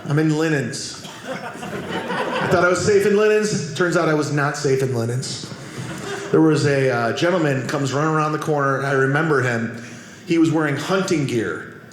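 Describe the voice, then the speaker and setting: Stand-up comic, man, high voice, punchy self-deprecating delivery, echoey club with crowd noise. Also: a little slow. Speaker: stand-up comedian. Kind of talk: stand-up comedy set. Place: comedy club stage before an audience.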